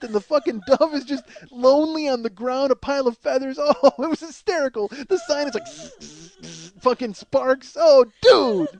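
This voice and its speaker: A man in his forties, a comedian and podcast host, telling a profane comic story in an animated way, swearing often and laughing as he goes. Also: very high-pitched. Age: 40s.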